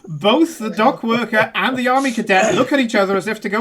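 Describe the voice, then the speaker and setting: A man's voice: high-pitched, a little fast, background noise. A man narrating as game master of a tabletop game, rambling with many fillers and swearing freely.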